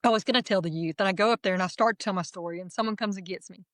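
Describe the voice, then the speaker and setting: A middle-aged woman, candidly telling her personal testimony as a guest in a lively, self-deprecating way. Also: mid-range voice, racing, dry recording.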